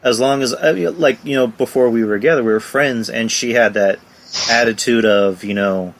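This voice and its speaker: A man's voice: medium pitch, normal speed. A man hosting a casual podcast chat, rambling with many fillers and laughing along. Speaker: podcast host.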